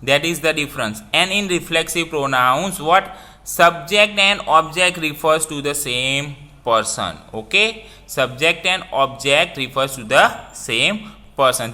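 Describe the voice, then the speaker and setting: A man's voice: fairly high pitch, bright, forceful tone. A man with an Indian English accent teaching a grammar lesson, repeating points and quizzing listeners with "what?".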